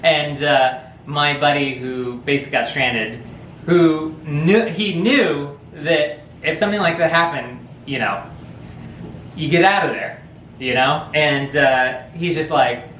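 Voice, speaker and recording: A man tells a funny story casually, rambling and chuckling as he goes. His voice sits at a middle pitch. It sounds like an echoey room with faint background noise. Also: slow, a bit bright. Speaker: vlog host.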